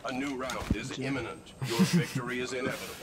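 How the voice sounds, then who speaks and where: A man's voice: mid-range voice, fairly even intonation, fast talker, heavy background noise, lightly acted. A man voicing a terse, commanding game announcer, heard through game audio. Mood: stern. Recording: game audio under loud gunfire.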